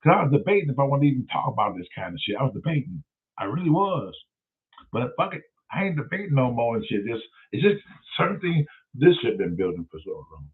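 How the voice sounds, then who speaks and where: A man hosting his own show, telling stories in a profane, animated way. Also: medium pitch, fast talker. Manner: profane, animated, loud storyteller. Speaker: show host. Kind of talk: casual livestream storytelling. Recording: tinny phone-like sound.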